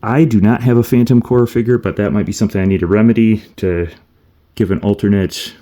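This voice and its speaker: A man's voice: on the low side, steady tone, fairly quick, dark tone. A man casually reviewing an action figure, meandering and thinking aloud as he handles each piece. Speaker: toy reviewer.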